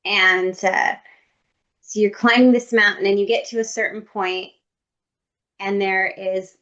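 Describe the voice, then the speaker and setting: A woman co-hosting a podcast, telling stories in a lively, comic, casual way with playful asides. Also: mid-range voice, measured pace, highs cut off. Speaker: podcast co-host. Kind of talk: casual storytelling chat.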